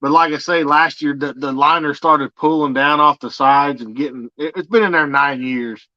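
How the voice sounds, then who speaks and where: A man's voice: on the high side, moderate pace, pushed and bright, dry recording. Easygoing man, dry dull sound. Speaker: guest on a stream. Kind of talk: casual chat.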